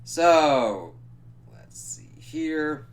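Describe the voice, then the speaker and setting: A TV reviewer with a fairly high voice gives an extremely slow, casual spoken recap of an episode. He swears freely, acts out quoted lines, trips over his words and laughs at himself.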